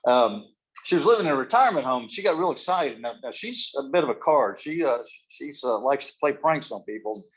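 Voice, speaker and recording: A man speaks at a mid-range pitch as he delivers a keynote to a room of peers. He is folksy and self-deprecating and jokes his way toward a talk on leadership. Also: lively intonation, fairly quick, husky. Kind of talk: humorous motivational speech.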